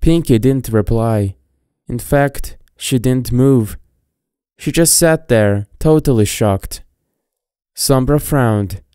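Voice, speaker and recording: A woman narrating a storybook with a steady, even-paced reading. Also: very deep voice, takes it slowly, clean tone, no room sound, clean studio sound. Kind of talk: storybook narration of fan fiction. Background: faint background music.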